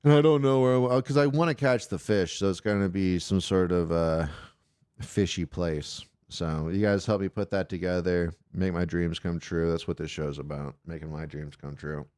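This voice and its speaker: A man's voice: sits low, moderate pace, darkish tone, smooth, dry recording. A man hosting an irreverent call-in live stream, talking casually and rambling loosely, with swearing. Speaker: call-in show host.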